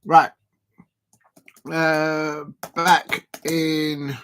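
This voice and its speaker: A man's voice: a little high, level tone, drawn-out words, fairly bright tone, slight background noise. Rambling man hosting a football watch-along. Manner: rambling, hesitant, full of fillers.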